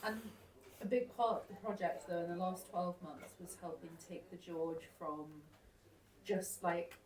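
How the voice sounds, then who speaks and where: A woman's voice: on the low side, unhurried. A woman interviewer chatting casually, chipping in brief prompts. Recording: distant echoey mic with loud background noise.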